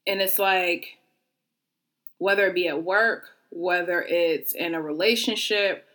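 A woman, talking through her thoughts emphatically on a podcast. Her voice sits a little low, yet it sounds bright. She often slows down to stretch out the words she wants to stress. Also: fairly even intonation. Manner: emphatic, reflective, affirming. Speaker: podcast co-host. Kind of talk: casual chat.

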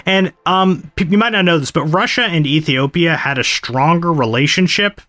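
A man's voice: fairly high pitch, normal speed, bright, forceful tone, faint music behind. A man hosting a podcast, telling a history story in a casual, explanatory way. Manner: conversational, explanatory. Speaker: podcast host.

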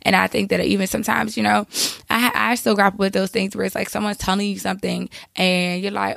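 A woman's voice: medium pitch, flat delivery, quick pace, creaky, a bit bright, no room sound, studio quality. A woman podcast host with a cold, giving casual, chatty advice full of fillers and asides. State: has a cold.

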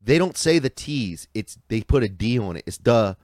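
A man's voice: mid-range voice, expressive, moderate pace, a little mellow, dry recording, clean studio sound. A man chatting casually on a podcast, laid-back and rambling. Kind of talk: casual chat.

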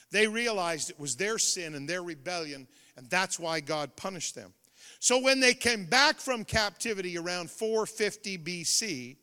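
Male revival pastor, high voice, loud call-and-response preaching in a reverberant sanctuary. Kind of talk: revival sermon. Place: church sanctuary. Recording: reverberant church hall.

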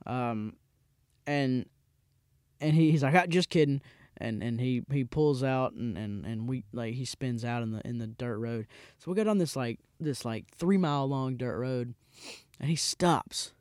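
A man in his twenties, a podcast host, telling a casual rambling story with frequent restarts and animated voices for the people in it. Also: medium pitch, a little slow, clean tone, no room sound, clean studio sound. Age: 20s.

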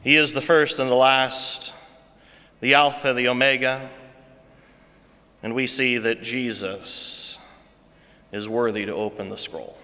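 Slow, bright-voiced male preacher in a hall. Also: mid-range voice, fairly even intonation. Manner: repeats rhetorical questions, swings between hushed and loud. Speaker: pastor. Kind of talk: sermon.

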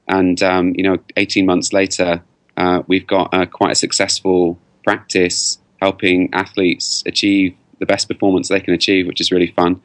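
Low-voiced British guest, candid storyteller. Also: male voice, flat delivery, moderate pace, no room sound. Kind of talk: podcast interview.

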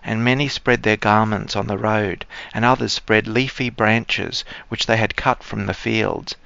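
Slow, solemn priest with a resonant voice. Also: male voice, fairly low pitch, steady tone, vocal fry, sharp tone, smooth, no room sound, muffled recording. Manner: solemn, measured liturgical delivery. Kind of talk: liturgical prayer and Gospel reading.

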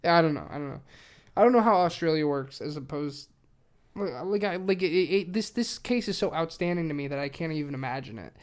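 Young woman co-host, lowish voice, profane, rambling chat, quick to laugh. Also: animated, a little mellow. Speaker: podcast co-host. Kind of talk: casual true-crime chat.

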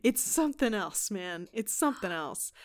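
A woman's voice: medium pitch, normal speed. A woman hosting a comedy podcast, retelling a ghost story with lots of swearing and laughter. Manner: animated, swears a lot, laughs mid-sentence. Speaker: podcast host.

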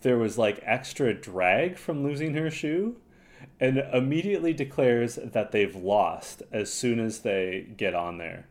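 A man's voice: mid-range voice, lively intonation, a little slow, a little mellow. A man co-hosting a podcast, chatting casually and bluntly about a reality show and laughing often. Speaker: podcast co-host.

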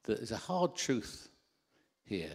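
A man preaching a sermon into a handheld microphone in a church hall, animated, with self-deprecating asides. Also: lowish voice, slow.

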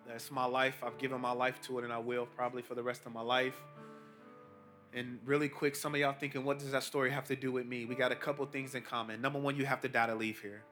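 This middle-aged man, a pastor and team chaplain, talks fast with a flat delivery and a fairly bright tone. His sermon uses casual slang and rises high when he hits key points, and faint music plays behind.

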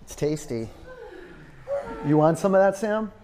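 A man's voice: on the high side, lively intonation, unhurried, noisy background. A man teaching a yoga class in a studio, counting down holds and coaxing students in a playful, encouraging way. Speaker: yoga instructor.

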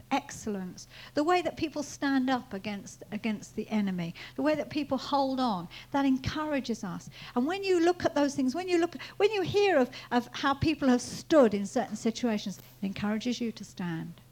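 A woman preaching a sermon, repeating phrases and swinging from quiet teaching to loud proclaiming. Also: sits high, expressive, moderate pace, hardly any pauses, low-quality recording.

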